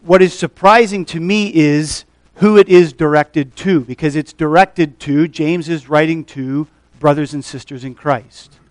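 A man preaching a sermon to his congregation, explaining a scripture passage in a measured teaching way with frequent pauses and fillers. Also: on the high side, steady tone, no echo. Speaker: pastor.

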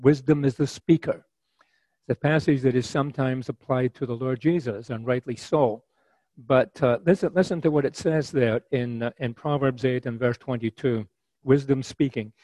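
Male preacher, mellow tone, dry close sound, measured, conversational delivery. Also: mid-range voice, fairly even intonation, dry recording, rough recording. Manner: measured, conversational preaching with frequent fillers and restarts. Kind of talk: sermon.

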